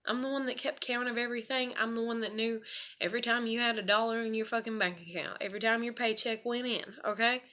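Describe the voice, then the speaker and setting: A woman's voice: a little high, fairly even intonation, quick pace, sharp tone. A young woman venting about her marriage and struggles in an emotional personal rant, swearing and close to tears. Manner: venting, swearing, shaky and tearful at times. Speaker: vlogger.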